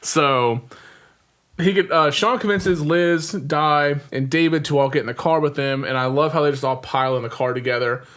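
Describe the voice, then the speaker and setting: A man's voice: fairly high pitch, moderate pace, fairly bright tone. A man hosting a podcast, casually retelling a film's plot in a rambling way with frequent ums and chuckles. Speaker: podcast host. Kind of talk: casual film-recap chat.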